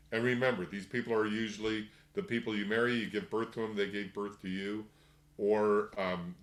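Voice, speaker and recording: A middle-aged man teaching a workshop in a loose, conversational way, often acting out short scenes in quick put-on voices. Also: on the low side, a bit bright, echoey room. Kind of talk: casual spoken lecture. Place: room with a group.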